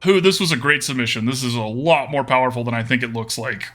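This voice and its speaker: A man's voice: mid-range voice, quick pace, fairly bright tone. A young man from Texas giving playful, jokey live-streamed commentary on a card game as a streamer, now and then bursting into cheers.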